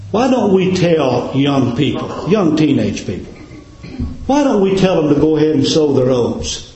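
A male preacher with a high voice that swoops up and down through each phrase, delivering a sermon in plain, folksy speech. He speaks slowly, and the sound rings with heavy room echo. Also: big pitch swings, warm tone. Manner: dramatic preaching cadence, rhetorical questions. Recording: very echoey room.

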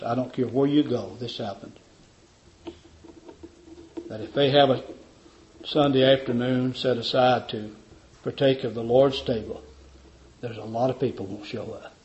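A man's voice: mid-range voice, dark tone, dull audio. A man preaching a communion sermon in a fervent, repetitive cadence.

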